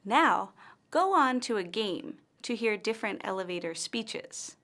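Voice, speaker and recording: A woman with an American accent, an English instructor giving a scripted lesson in a slow, deliberate, carefully articulated way. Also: medium pitch, expressive, fairly bright tone. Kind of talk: scripted teaching narration.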